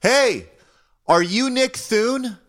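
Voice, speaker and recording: A man's voice: fairly high pitch, sing-song, moderate pace, a bit bright, no room sound, studio quality, pitched above the performer's own voice. A man voicing a tipsy, friendly male cook who sounds eager and starstruck. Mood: excited.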